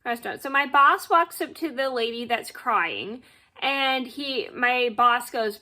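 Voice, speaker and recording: Young woman vlogger, higher bright voice, rambling repetitive storytime delivery. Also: lively intonation, measured pace. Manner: rambling and repetitive, fills gaps with blah blah. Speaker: vlogger telling a work story. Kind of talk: casual storytime.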